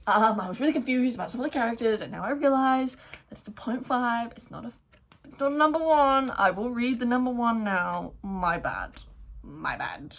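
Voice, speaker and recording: A young woman chatting excitedly about her month of reading on her book vlog, with lots of fillers. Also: a little high, moderate pace. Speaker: book vlogger. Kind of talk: casual reading wrap-up chat. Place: at home, neighbour's garden noise outside.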